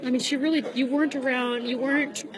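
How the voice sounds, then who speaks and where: A woman's voice: sits high, steady tone, quick pace. A woman working as sound engineer at a banquet, chatting casually and laughing while trying not to cry. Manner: emotional, laughing, fighting back tears. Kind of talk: casual chat. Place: large banquet hall. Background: crowd chatter.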